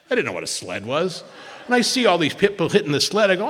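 A man's voice: high voice, wildly swooping pitch, fast talker, a bit bright, husky, long reverb tail. A man telling personal stories at a twelve-step recovery meeting, rambling, restarting often and acting out what people said. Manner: rambling storytelling with many restarts and acted quotes.

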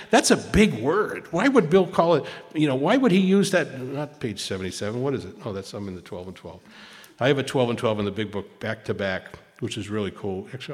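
Man, mid-pitched voice, recovery meeting story, animated then hushed, restarts and repeats words, long reverb of a big hall.

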